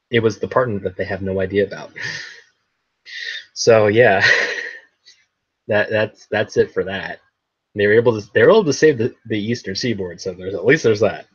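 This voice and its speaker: A man's voice: on the low side, breathy edge, no echo, dull audio. A young man hosting a podcast, recapping an episode in a rambling casual chat, often laughing and repeating words.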